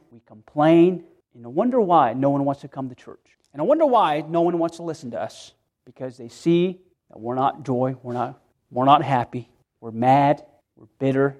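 A man's voice: medium pitch, darkish tone, lo-fi sound. A middle-aged man, a pastor, preaching an earnest sermon in church, repeating himself and restarting phrases as he pleads with his listeners.

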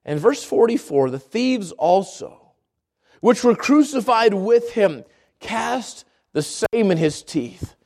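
High-voiced impassioned male preacher. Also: expressive, slow. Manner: impassioned, rises high for emphasis then drops to a hushed prayer. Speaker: pastor. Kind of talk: sermon.

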